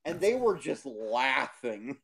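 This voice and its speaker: Speaking in a mid-range voice, this stream co-host is an animated storyteller who laughs easily while chatting casually.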